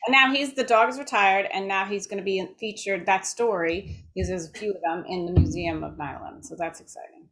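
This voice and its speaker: A woman's voice: mid-range voice, brisk, few pauses, fairly bright tone. Matter-of-fact woman podcast guest. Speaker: guest, advocate. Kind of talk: casual conversation.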